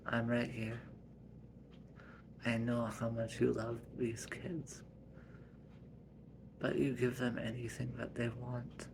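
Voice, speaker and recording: Man voicing a loving older mother: calm, slow, reassuring. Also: medium pitch, background noise, natural voice. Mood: soothing.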